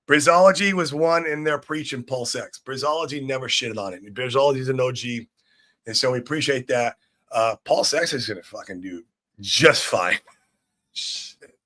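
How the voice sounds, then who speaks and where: A man's voice: mid-range voice, pushed and bright. A man hosting a casual crypto livestream, hyped and swearing freely as he greets viewers in chat. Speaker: livestream host. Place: room in Shanghai.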